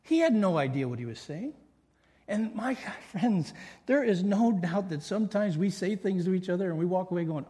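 A man's voice: sits high, lively intonation, normal speed, warm tone, in a large hall. A middle-aged man pastor preaching a sermon, earnest and full of personal stories. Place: church sanctuary.

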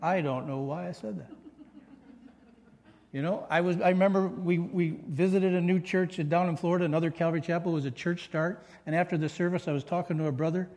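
A man's voice: high-pitched, level tone, fast, few pauses, a little mellow, long reverb tail. A middle-aged man pastor preaching a sermon, earnest and full of personal stories. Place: church sanctuary.

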